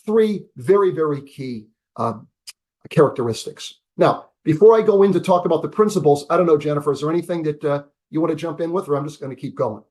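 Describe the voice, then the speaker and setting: A man in his seventies, a business school professor, giving an emphatic, energetic lecture-style talk over a video call, repeating key words and asking rhetorical questions. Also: fairly high pitch, brisk.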